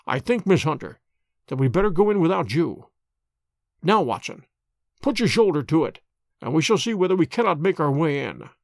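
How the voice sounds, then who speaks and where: A man's voice: on the high side, big pitch swings, normal speed, long pauses, no echo, clean studio sound, heavily acted. A man voicing a keen, authoritative detective in an audiobook reading. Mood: commanding. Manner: crisp, authoritative. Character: keen, commanding male detective.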